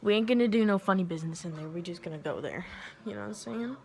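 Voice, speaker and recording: A woman's voice: mid-range voice, fast talker, vocal fry, noisy background. Sassy, profane young woman telling a story. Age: young adult. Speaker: vlogger. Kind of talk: casual storytime vlog. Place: at home.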